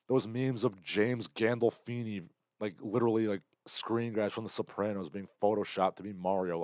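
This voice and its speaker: A man's voice: fairly low pitch, no echo, studio quality. A young man hosting a casual livestream, rambling sardonically through chat comments. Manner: rambling, sardonic, bursts into loud impressions. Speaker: livestream host.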